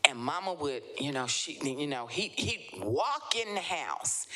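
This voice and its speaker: A woman from the American South, an author telling stories in conversation at a live literary event, animated and acting out the voices of people she quotes. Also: rumbling low, a little slow, hardly any pauses. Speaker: author guest. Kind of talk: conversational storytelling.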